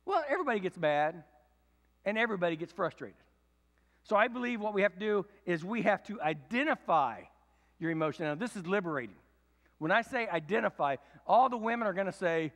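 A man in his fifties preaching a sermon, swinging from loud emphatic preaching to low confiding tones. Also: expressive, fairly quick, long reverb tail. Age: 50s. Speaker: pastor. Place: church sanctuary.

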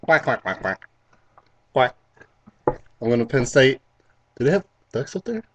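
A dopey young duck fan who drawls and quacks in a flat, middling voice, as a young man puts him on. He talks very slowly, over a clear hiss of background noise. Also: medium pitch, muffled recording. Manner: dim, sleepy, repetitive quacking.

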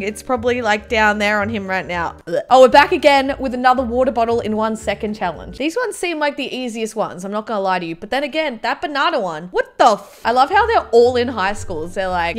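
A woman's voice: fairly high pitch, animated, brisk, soft background music. A young woman doing chatty, mock-dramatic reaction commentary as a YouTuber.

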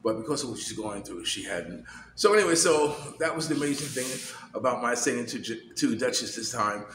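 A middle-aged man vlogs casually in a medium-pitched, expressive, fairly quick and fairly bright voice. He rambles with lots of fillers and repeated words, in an echoey room with faint noise.

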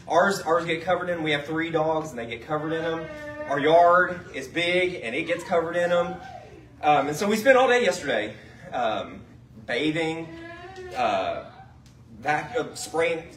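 A male pastor gives a chatty sermon, his pitch sitting a bit high and moving a lot. He keeps turning to the congregation with questions. The mic is some way off, so the sound is roomy. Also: distant mic. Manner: conversational, asks the congregation questions. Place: church sanctuary.

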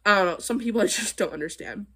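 A young woman talks straight to the camera in a casual vlog, blunt and openly sarcastic. Her voice sits at an ordinary middle pitch, and she lets out short laughs between points. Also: quick pace, sharp tone, husky. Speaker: vlogger reacting to comments.

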